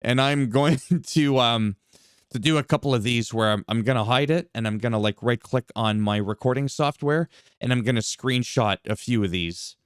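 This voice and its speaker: A man casually commentating a wrestling video game, reacting loudly, laughing often and swearing freely. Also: mid-range voice, normal speed, clean tone, dry recording, clean studio sound. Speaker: gameplay commentator.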